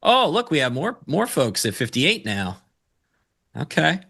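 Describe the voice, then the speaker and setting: Animated, bright-voiced man trading live. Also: on the high side, a little slow, gravelly, husky. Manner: playful, greets chat viewers, sings and does silly voices. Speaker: trader on a live stream panel. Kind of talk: casual trading chat.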